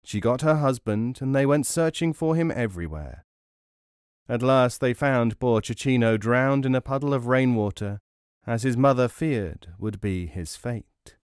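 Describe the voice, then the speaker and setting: A man reading folk tales aloud in a measured, even storytelling manner. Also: medium pitch, smooth, dry recording, clean studio sound. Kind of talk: audiobook storytelling.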